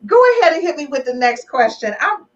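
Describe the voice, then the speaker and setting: A woman's voice: high voice, lively intonation, fast, muffled recording. A woman hosting a live relationship podcast, teasing her guests and getting emotional. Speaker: podcast host.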